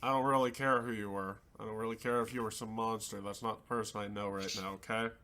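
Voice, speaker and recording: A man's voice: fairly low pitch, steady tone, fast talker, bright, forceful tone, a little hiss or hum, pitched below the performer's own voice. A man playing a caring mercenary boss. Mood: earnest. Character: male mercenary leader, gruff but caring.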